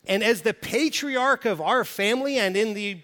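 A man preaching a sermon, animated, with emphatic rises and hushed drops. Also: high-pitched, normal speed, long reverb tail. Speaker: pastor.

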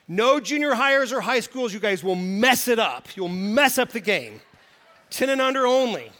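A man preaching a sermon, animated, with emphatic rises and hushed drops. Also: high-pitched, moderate pace, long reverb tail. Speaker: pastor.

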